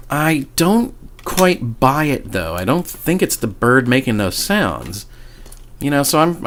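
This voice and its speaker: A man's voice: mid-range voice, a bit bright, a little hiss or hum. A young man telling a ghost story in casual, rambling fashion, swearing often and stumbling over restarts. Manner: rambling, profane, stammering restarts. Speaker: paranormal vlogger.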